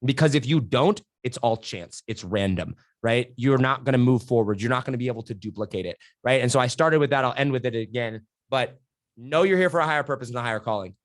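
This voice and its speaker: A man's voice: mid-range voice, quick pace, dry recording, clean studio sound. A young adult man speaking as a podcast guest, telling stories energetically with frequent "like" and "right?". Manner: energetic, animated storytelling with many "like" and "right?". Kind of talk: candid interview conversation.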